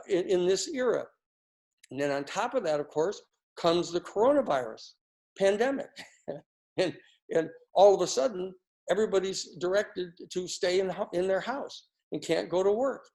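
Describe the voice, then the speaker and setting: An older American man rambles through a sarcastic political commentary, his high, creaky voice carrying a darkish tone. The talk is casual, packed with fillers and false starts.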